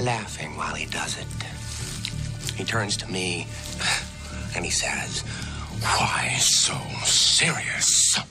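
A man voicing a scarred, knife-wielding villain in a slow, whispered, menacing monologue, with music behind. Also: rumbling low, rough recording.

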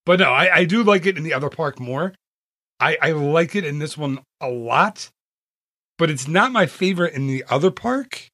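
A man's voice: fairly high pitch, lively intonation, moderate pace, pushed and bright, no echo, clean studio sound. A man hosting a travel podcast in casual chat, with teasing, joking banter. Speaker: podcast host.

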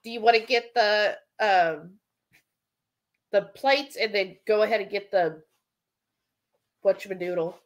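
A woman's voice: mid-range voice, measured pace, long pauses. A woman hosting a cooking livestream, chatting casually and reading viewer comments aloud.

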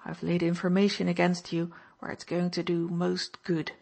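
A woman's voice: lowish voice, completely flat delivery, normal speed, gravelly, darkish tone. A woman reading an audiobook, voicing a weak, wounded male officer who snarls and taunts with open hostility. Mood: taunting. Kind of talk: audiobook narration.

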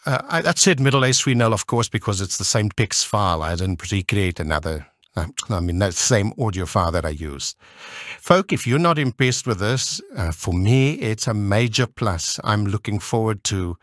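Excited man demoing software. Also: fairly low pitch, moderate pace, dry recording, clean studio sound. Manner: enthusiastic, explains step by step with many fillers. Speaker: tech vlogger. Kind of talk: casual screen-recorded software demo.

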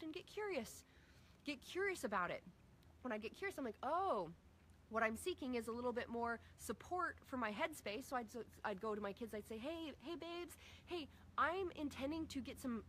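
A middle-aged woman coaching a group on parenting, casually acting out talks with her kids. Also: high-pitched. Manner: energetic, acts out dialogue with her kids.

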